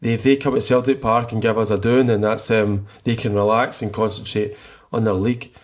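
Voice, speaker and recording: A man's voice: fairly low pitch, steady tone, a little fast. A middle-aged man co-hosting a casual football chat, enthusiastic and rambling, often restarting his sentences. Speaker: podcast co-host.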